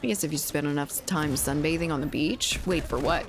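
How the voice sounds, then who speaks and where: Young woman gamer chatting on stream, jokey and blunt, kinda low voice, faint gunfire behind. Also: brisk, noisy background. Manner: candid, joking, laughs often, answers chat. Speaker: game streamer. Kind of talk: casual stream chat while gaming.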